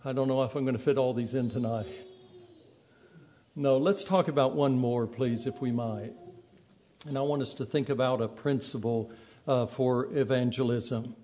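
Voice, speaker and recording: A man's voice: medium pitch, normal speed, dark tone. A man preaching a sermon in a conversational way, acting out the quoted voices of the people he describes. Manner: conversational, acts out quoted speech.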